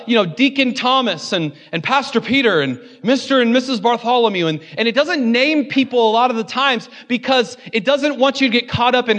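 A high-voiced male pastor preaches a sermon in a church. He slips in playful, joking asides and then climbs into fervent, repeated refrains. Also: fairly bright tone.

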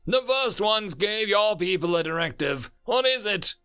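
A man voicing a cold, relentless male insectoid alien warrior in a narrated story, speaking flatly and insistently. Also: high voice, measured pace, gravelly, soft background music, pitched above the performer's own voice, full character voice. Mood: cold, demanding. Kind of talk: audiobook-style story narration.

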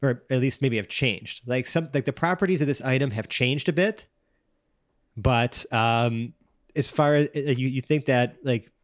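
A man's voice: medium pitch, normal speed, dry recording, studio quality. Rambling man running a tabletop game. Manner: rambling, full of fillers and restarts. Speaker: game master.

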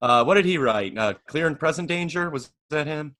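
A man's voice: fairly high pitch, lively intonation, moderate pace, fairly bright tone. A man co-hosting a podcast, laughing often and stammering through crude jokes. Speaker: podcast co-host. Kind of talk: casual crude banter.

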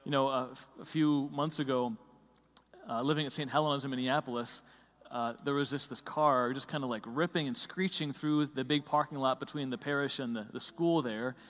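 A man's voice: mid-range voice, fairly even intonation, normal speed, fairly bright tone. Man preaching in a reverberant church. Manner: conversational, with many fillers and restarts. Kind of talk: sermon.

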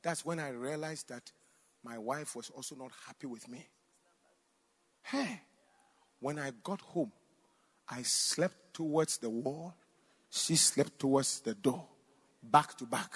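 A man preaching a sermon, telling a personal story with sudden shouts and bursts of laughter. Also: mid-range voice, takes it slowly, long pauses, husky. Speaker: pastor.

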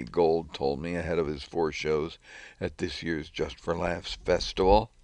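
A man reading news articles aloud in a measured, scripted way. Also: low voice, no room sound.

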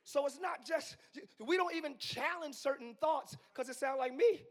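A man in his forties preaching with a strikingly high voice, hoarse from use. He drifts between hushed, thoughtful asides and loud, yelled exhortation, the way a pastor works a live congregation. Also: moderate pace. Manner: swings from quiet musing to yelling. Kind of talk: live sermon. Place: church sanctuary.

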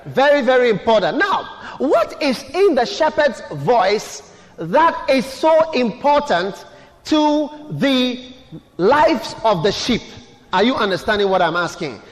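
A man's voice: very high voice, very animated, measured pace. A man preaching a sermon as pastor, putting questions to the congregation and repeating key words. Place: church hall. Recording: long echo of a large hall.

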